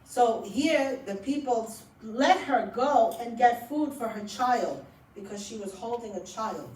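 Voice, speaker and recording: Animated storytelling woman, roomy distant sound. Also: a little high, a little slow. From Iran. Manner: animated, laughs often while telling stories. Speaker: author speaking at a book event. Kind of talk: storytelling talk to an audience. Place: library event room.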